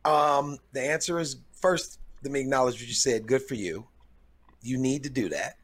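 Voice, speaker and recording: A man stand-up comedian hosting a podcast, telling stories in a relaxed, casual way. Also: mid-range voice, normal speed. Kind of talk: casual storytelling chat.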